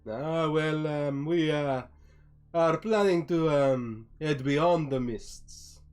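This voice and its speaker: Guy doing a polite vistani wanderer, a bit higher and louder than his own voice, lots of ums. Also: slow pace, clear, resonant tone. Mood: courteous. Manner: polite, hesitant with fillers. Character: courteous male Vistani caravan traveler.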